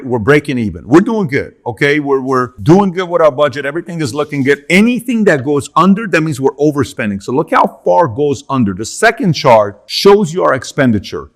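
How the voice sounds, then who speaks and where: A man giving animated political commentary while walking through charts, emphatic and conversational, with repeated asides to the viewer. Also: fairly high pitch, a little fast.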